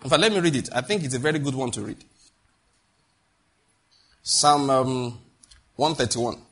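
A middle-aged Nigerian man preaching with animated storytelling and Pidgin asides. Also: mid-range voice, normal speed, long pauses. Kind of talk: sermon.

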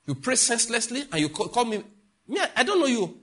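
A middle-aged man from Africa preaching a sermon as a pastor, emphatic and mocking, with sudden loud outbursts. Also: very high voice, huge pitch swings, fast talker, slightly rough.

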